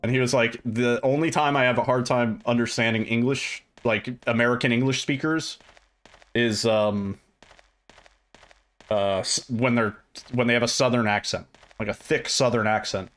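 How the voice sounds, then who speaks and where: A man's voice: medium pitch, steady tone, normal speed, a bit bright. A man chatting casually and rambling while streaming a game, now and then swearing at it. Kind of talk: casual gameplay chat.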